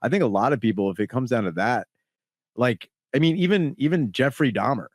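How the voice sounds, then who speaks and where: A man's voice: medium pitch, expressive, a little fast, no echo, studio quality. Slangy man guesting on a comedy podcast. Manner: loose, slangy, says "dude" a lot. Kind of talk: casual comedy podcast chat.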